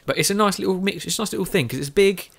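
A man's voice: high voice, very fast, vocal fry, fairly bright tone. A tired man, chatting casually as he plays a game and often correcting himself. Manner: rambling, self-correcting, chatty. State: tired with a sore throat. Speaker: gaming video host.

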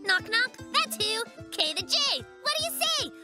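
An actor voicing an excitable, nosy little male polar bear cub in a cartoon. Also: very high voice, normal speed. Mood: excited. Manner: bouncy, eager, nosy. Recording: cartoon soundtrack with loud music.

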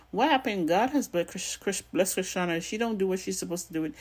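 A woman talks straight into her vlog with a husky, breathy voice and a noticeable accent of her own. She gives her commentary bluntly and with sass. She swears freely as she talks. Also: mid-range voice, lively intonation, brisk, few pauses. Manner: blunt, sassy and profane; has a non-standard accent of her own. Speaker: gossip commentary vlogger. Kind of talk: casual commentary.

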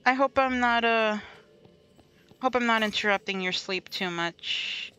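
A woman's voice: a little high, a little slow, pushed and bright, clear, resonant tone. A woman chatting casually through a gameplay livestream, talking to herself and to chat and laughing often. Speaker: streamer. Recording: light music behind the voice.

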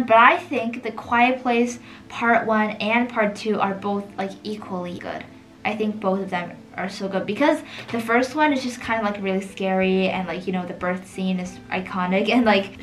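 A woman's voice: medium pitch, rough recording. A woman chatting casually about a film while she draws, with "like" dropped into nearly every sentence. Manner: chatty, leans heavily on "like" as filler. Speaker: art vlogger. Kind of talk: casual chat over drawing. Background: soft background music.

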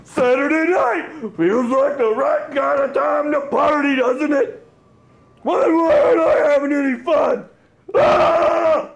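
Comedy sketch: a man playing a hysterical lonely loner, very high and gravelly, slow whining delivery. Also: shouting, exaggerated voice, low-quality recording. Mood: ranting. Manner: theatrical whining and shrieking rants. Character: melodramatic lonely young man, whiny and hysterical.

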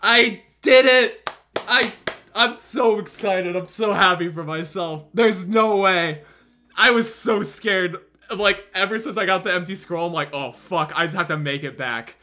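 Elated high-voiced young man streaming. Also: a little slow, slight background noise. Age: early 20s. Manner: shouting, elated and swearing. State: throat strained from screaming. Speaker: gaming streamer. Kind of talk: excited gaming stream commentary.

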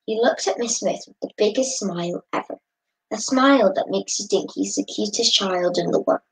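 A woman reads a children's storybook aloud at home, in a middle-pitched voice. Her reading is plain and unpolished, with small slips along the way. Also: moderate pace, vocal fry, low-quality recording. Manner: reading with occasional slips and laughs. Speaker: storybook reader.

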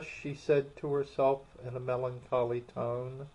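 Slow-reading male audiobook narrator. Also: medium pitch, little pitch movement, darkish tone, slight background noise. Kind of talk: scripted narration. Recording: muffled, dull audio.

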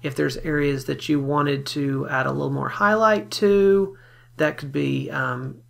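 A man giving a relaxed, step-by-step photo editing software tutorial, talking casually with fillers as he works. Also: a little high, unhurried, creaky. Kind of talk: screen-recorded software tutorial.

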